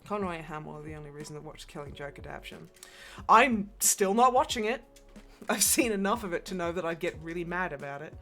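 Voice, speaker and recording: A woman streamer rambling through casual chat with a bright, forceful voice that sits a little low. She swears freely and laughs often between stories. Faint music plays underneath. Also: expressive, fast talker. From Polish family. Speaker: livestream host.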